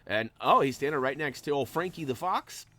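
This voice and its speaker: A man's voice: mid-range voice, brisk. A man giving casual, playful commentary while he plays a video game. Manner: chatty and playful, jumps up in excitement. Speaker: gaming channel host.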